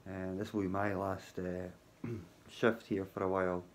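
A man talks slowly and haltingly to his viewers, pausing often on ums. His voice sits low, and his delivery is unhurried and dryly humorous. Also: little pitch movement, a little hiss or hum. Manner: halting, many ums, wry humour. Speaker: vlogger. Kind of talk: casual spoken vlog. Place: hotel workplace at night.

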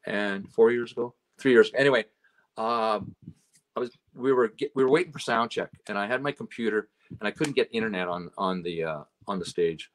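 This guest is a man from Canada, a road and stage manager, rambling through stories in a relaxed conversation and leaning on "you know" and "right?". His voice is lowish and his pace brisk.

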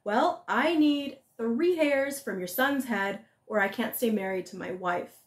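A woman's voice: fairly high pitch, a little slow, natural voice. A woman voicing a polite, earnest young man on a quest, in a storybook telling. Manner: earnest, asking. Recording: echoey room.

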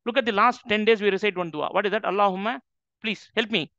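A man teaches an interactive Islamic religious class, speaking emphatically in a high, bright, forceful voice at a fast clip and often asking "right?" to check in with listeners. The recording is dry, dull and lo-fi.

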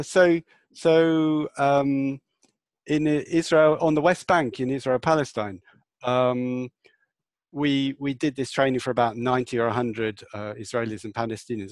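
A man talking as an interview guest about empathy, earnest and explanatory, often adding "yeah" and acting out lively replies. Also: mid-range voice, no echo. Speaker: guest, empathy and communication teacher. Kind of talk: conversational interview talk.

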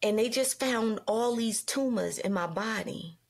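Middle-aged woman host, lively storyteller, jumps high when quoting others. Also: measured pace, vocal fry. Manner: animated, acts out quoted dialogue with big pitch jumps. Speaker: podcast host. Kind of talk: casual storytelling conversation.

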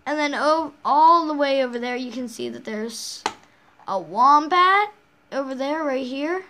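A woman's voice: high-pitched, lively intonation, unhurried, bright, forceful tone. A woman hosting a casual game walkthrough, rambling along with frequent restarts and self-corrections. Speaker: game channel host.

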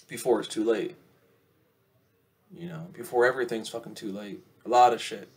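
A young man rambling casually to camera in a profane vlog, swinging between loud outbursts and low mumbles. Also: steady tone, moderate pace. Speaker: vlogger.

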